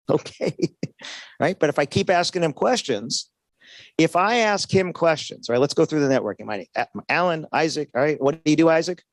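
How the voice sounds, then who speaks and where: A man with a slightly high voice gives a lively sales seminar, speaking casually and tossing "right?" to the crowd again and again. His voice is dry and close, with almost no room sound. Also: moderate pace, no echo. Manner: conversational, keeps asking "right?", acts out dialogues. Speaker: seminar speaker at a trade show. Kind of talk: motivational sales talk to an audience.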